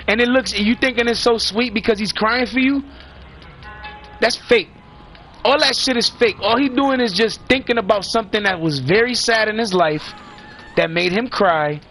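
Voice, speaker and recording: A high-pitched man with a bright, cutting voice rants bluntly, swearing hard and lecturing his audience. Faint music sits under his talk. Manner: blunt, heated, preachy, heavy swearing and slang. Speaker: father ranting on a vlog. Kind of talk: profane monologue rant.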